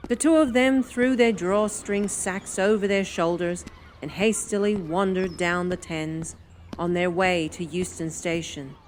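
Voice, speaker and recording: A woman narrating an audiobook in a measured, descriptive way. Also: on the low side, steady tone, slight background noise. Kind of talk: scripted narration.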